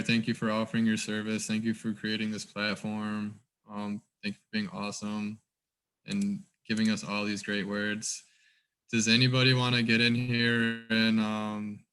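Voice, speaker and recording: A man's voice: fairly low pitch, a bit bright, clear, resonant tone, rough recording. A man hosting a group call, talking casually and swearing freely as he responds to a share. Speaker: group host.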